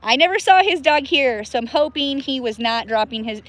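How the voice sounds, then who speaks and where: This woman, a livestream host from the Pacific Northwest of the US, talks casually to her audience from a river outdoors, often giggling and welcoming viewers by name. Her voice is on the high side and her speed is normal.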